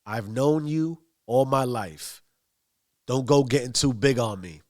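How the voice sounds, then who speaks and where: A man's voice: a little high, animated, a little slow. A man doing a mocking older mobster. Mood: nonchalant. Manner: nonchalant, needling.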